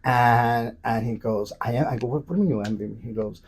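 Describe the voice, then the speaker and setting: A man on a podcast telling profane, animated stories with lots of restarts. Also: mid-range voice, a little fast, hardly any pauses, slight background noise. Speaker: podcast guest. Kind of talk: casual storytelling. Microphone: studio podcast mic.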